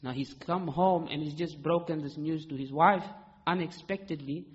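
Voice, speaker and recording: A man's voice: a little high, normal speed. A man preaching a sermon, emphatic, posing rhetorical questions and answering them himself. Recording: dull echoey hall recording.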